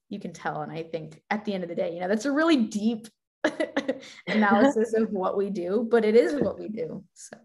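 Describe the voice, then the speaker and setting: A young woman, a guest who competes in gymnastics, chatting in a bubbly, animated way and laughing often. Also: mid-range voice, a little fast. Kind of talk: casual chat.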